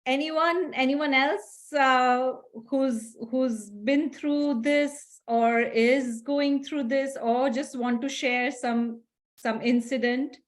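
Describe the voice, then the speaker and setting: A middle-aged woman leads a workshop talk in a somewhat high voice. She speaks slowly and acts out scenes from her own stories as she tells them. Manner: animated storyteller, acts out scenes. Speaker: guest speaker.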